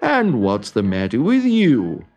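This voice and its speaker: Storybook donkey, friendly leader, coaxing lively voice; a man puts it on. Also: mid-range voice, slow, faint music behind, full character voice.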